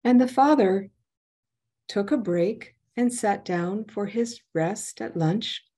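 A woman telling a folk tale aloud in an expressive storytelling manner. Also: mid-range voice, slow pace, slightly rough. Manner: expressive, lively delivery. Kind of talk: storytelling narration.

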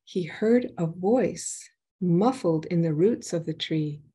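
A woman telling a folk tale aloud in an expressive storytelling manner. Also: on the low side, takes it slowly, breathy edge. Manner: expressive, lively delivery. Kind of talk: storytelling narration.

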